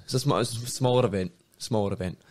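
A Scottish man in casual podcast chat who tells his stories with animated, sweary energy. His voice sits at an everyday middle pitch, and he talks at an easy, conversational pace. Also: fast talker. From Scotland. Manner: animated storyteller, swears a lot, laughs often. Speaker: podcast co-host.

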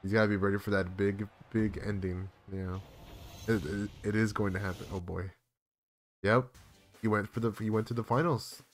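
Young male streamer, slightly low voice, excitable play-by-play with sudden outbursts, faint hum behind. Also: moderate pace. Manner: excitable, bursts into sudden exclamations. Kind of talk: live play-by-play game commentary.

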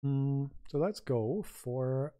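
A man chatting casually on a live stream as he makes music, thinking aloud in an unhurried way, through a microphone with noise reduction and compression. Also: mid-range voice, mellow, smooth. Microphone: new microphone with noise reduction and compression.

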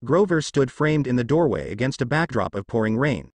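A man reading a fan fiction story aloud, moving briskly through the narration and lifting his voice a little for the quoted lines. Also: medium pitch, big pitch swings, no echo.

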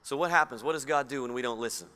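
A man from Australia preaching a sermon, reading scripture slowly and low and putting questions to his listeners. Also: bright, forceful tone, clean tone. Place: church hall. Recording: long hall reverb.

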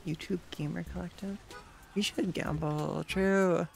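A streamer chatting casually while playing a game, sarcastic and quick to react to chat and gameplay. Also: mid-range voice, steady tone, gravelly.

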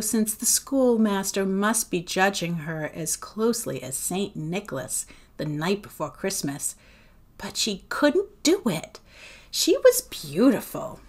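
A woman teacher reading a novel aloud in a measured, expressive storytelling manner. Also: medium pitch.

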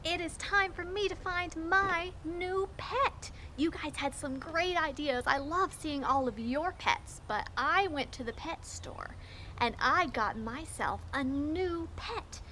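Lady librarian doing kids storytime, high bright voice, slow and sing-songy. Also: slight background noise. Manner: animated, exaggerated sing-song delivery for kids. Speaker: children's librarian. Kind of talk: storytime for young children.

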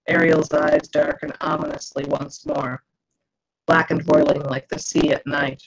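A woman reads her novel aloud in measured first-person narration. Her voice is husky with a gravelly rasp, and it comes through a dull, lo-fi video call. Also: deep voice, huge pitch swings. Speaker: author.

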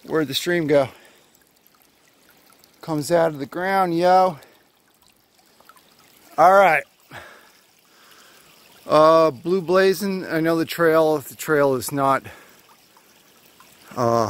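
Out on a forest trail, a vlogger chats to himself in a slightly high, steady voice with no echo. His speech is very slow and full of pauses as he rambles along and jokes to himself.

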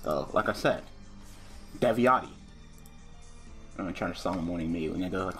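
A man's voice: deep voice, moderate pace, pauses often, a bit bright, soft background music. Profane young man ranting over a card game. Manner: profane, ranting, rambling with restarts. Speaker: gaming YouTuber. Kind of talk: casual card-game commentary.

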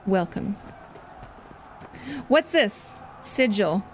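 A woman's voice: medium pitch, expressive, very slow, slight background noise. A woman streaming a game, thinking aloud in casual commentary and swearing freely.

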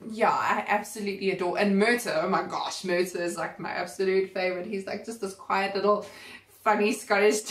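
A woman's voice: medium pitch, far from the mic. A woman chatting casually about books she has read, enthusiastic and rambling, often restarting her sentences. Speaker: book vlogger. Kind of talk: casual book review chat. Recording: roomy sound, voice a bit off-mic.

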